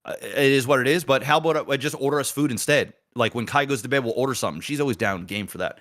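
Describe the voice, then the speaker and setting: Bright-voiced, profane male podcast host. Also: mid-range voice, fast. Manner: animated, profane storytelling. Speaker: father. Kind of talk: casual podcast chat.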